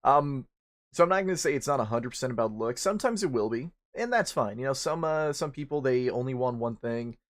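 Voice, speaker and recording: A young man chatting casually while streaming a game, rambling and swearing constantly, turning animated when he retells stories. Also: mid-range voice, a little fast. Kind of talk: casual chat while gaming.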